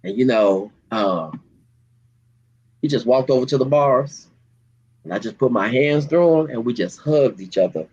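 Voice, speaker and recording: A man, a community activist, speaking with deep emotion and street slang in an interview, near tears. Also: animated, a little slow, long pauses, a little mellow, breathy edge, lo-fi sound. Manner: heartfelt, storytelling, street slang. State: holding back tears.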